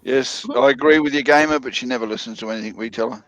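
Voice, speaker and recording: A man's voice: medium pitch, fast, a crowd in the background, low-quality recording. An Australian man in casual banter while co-hosting a bourbon tasting over a video call. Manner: joking, easygoing banter. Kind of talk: casual chat.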